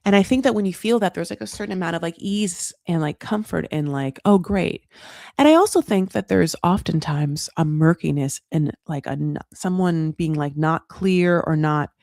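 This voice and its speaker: Woman, reality TV recap host, casual and blunt, lowish voice, dry close mic. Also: moderate pace, gravelly, few pauses, darkish tone, dry recording. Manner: chatty, frank, swears, many fillers, dramatic voices for quotes.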